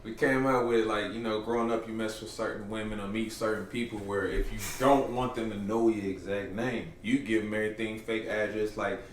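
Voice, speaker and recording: A man's voice: fairly low pitch, fairly even intonation, fairly quick, few pauses. A man hosting a casual podcast, slangy and laid-back as he poses a question to his co-hosts. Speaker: podcast host. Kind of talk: casual chat. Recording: roomy, distant mic with faint noise.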